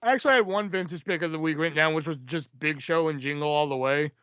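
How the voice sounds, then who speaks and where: A young man hosts a podcast in a laid-back, foul-mouthed way and laughs often. His voice sits a bit high for a man. It is recorded dry and dull, on lo-fi sound. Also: fast talker, fairly bright tone, clean tone, dry recording. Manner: laid-back, swears freely, laughs a lot. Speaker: podcast host. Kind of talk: casual chat.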